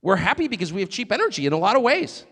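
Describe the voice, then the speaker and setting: A man giving an animated, sarcastic, off-the-cuff speech to a live audience. He digresses and laughs at his own jokes. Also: high-pitched, racing, breathy edge. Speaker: speaker addressing a live audience abroad. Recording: long reverb of a large hall.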